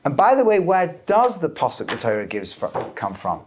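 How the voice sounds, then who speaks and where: Guy rabbi teaching a class, kinda high voice, lively, asks the room questions. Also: normal speed, slight background noise. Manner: animated, questions students, mixes Hebrew terms. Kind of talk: lively Torah class lecture. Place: classroom with students present.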